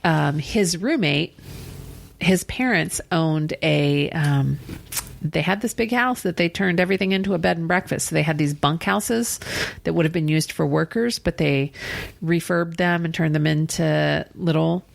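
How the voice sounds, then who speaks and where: A woman's voice: deep voice, unhurried, creaky. A woman co-hosting a podcast in casual chat, rambling through stories, laughing often and swearing casually. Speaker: podcast co-host.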